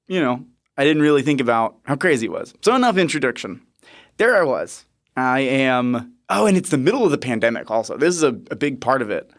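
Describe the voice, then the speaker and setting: A man in his thirties, a podcast host and nurse, telling a story in a lively, chuckling way. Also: mid-range voice. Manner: lively, chuckling, animated retelling. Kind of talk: casual storytelling.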